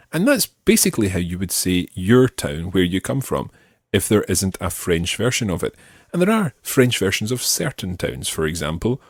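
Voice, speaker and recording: A man teaching an audio lesson, speaking slowly and deliberately and repeating phrases for learners. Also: low-pitched, sing-song, darkish tone, dry recording, clean studio sound. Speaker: language teacher.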